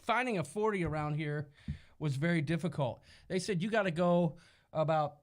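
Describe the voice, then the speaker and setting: A Midwestern American man co-hosting a casual live-stream chat, jokey and animated, reading out viewer comments. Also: on the high side, moderate pace. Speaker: co-host.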